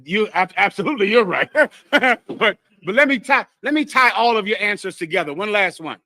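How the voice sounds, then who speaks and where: A man leads a scripture class in a forceful, bright voice pitched high for a man. He preaches with lively call-and-response and singles out people in the room. The sound is dry and close. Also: normal speed, no room sound. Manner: animated call-and-response, addresses listeners directly. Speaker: teacher leading a scripture class. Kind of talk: preaching to a live congregation.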